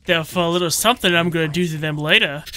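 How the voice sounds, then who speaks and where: A man giving comedic, profane commentary while playing a video game, often bursting into yells. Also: on the high side, fast talker, slight background noise. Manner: joking, swearing, sudden yelling outbursts. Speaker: gameplay commentator. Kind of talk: comedic let's-play commentary.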